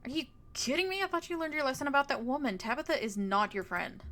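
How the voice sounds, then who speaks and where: A woman's voice: high-pitched, expressive, moderate pace. A woman voicing an anxious young woman who panics with dramatic outbursts. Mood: tense.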